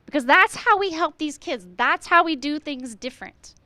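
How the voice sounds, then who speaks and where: A middle-aged woman with a high, bright voice speaks to a room of educators with earnest conviction. She presses her point with a string of rhetorical questions and acts out the lines teachers might say to students. The recording is close and dry. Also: animated, moderate pace, no echo. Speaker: school administrator speaking to educators. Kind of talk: presentation at a staff meeting.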